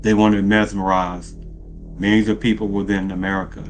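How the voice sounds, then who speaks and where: A man's voice: lowish voice, flat delivery, brisk, soft background music. A man giving opinionated political commentary in a rambling way, asking rhetorical questions and often correcting himself. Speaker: video commentator.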